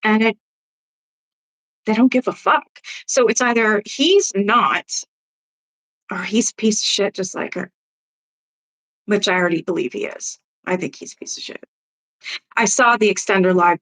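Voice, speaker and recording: A woman's voice: medium pitch, unhurried, pauses often, fairly bright tone, rough recording. Blunt, foul-mouthed woman chatting live. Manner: blunt, profane gossip with frequent laughs; reads and answers viewer comments. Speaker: livestream host. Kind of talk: casual live-stream chat.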